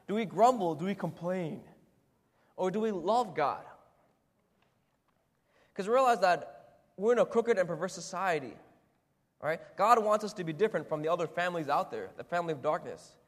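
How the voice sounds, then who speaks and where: A man preaching a sermon in a church hall, talking conversationally and asking the congregation rhetorical questions. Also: sits high. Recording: echoey hall with long reverb.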